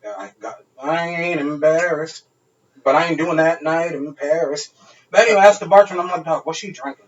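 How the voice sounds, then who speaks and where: A man's voice: a little high, brisk, recorded from a distance, dull audio. A man on a podcast telling a wild night-out story in casual, profane, laughing chat. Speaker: podcast co-host.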